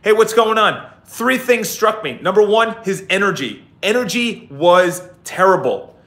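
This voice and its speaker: Man, blunt motivational vlogger with a high voice, recorded in an echoey empty office. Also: lively intonation, measured pace, pushed and bright. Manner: blunt, swears freely, repeats phrases for emphasis. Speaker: real estate agency founder. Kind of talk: casual motivational vlog. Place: empty office near a busy city square.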